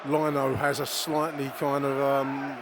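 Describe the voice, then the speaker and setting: Chatty man among a loud stadium crowd. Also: medium pitch, completely flat delivery, a little slow. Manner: chatty, opinionated, swears, addresses listeners directly. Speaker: podcast host doing live match commentary. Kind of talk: casual in-stadium football commentary. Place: football stadium stands, outdoors. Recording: noisy crowd stadium recording.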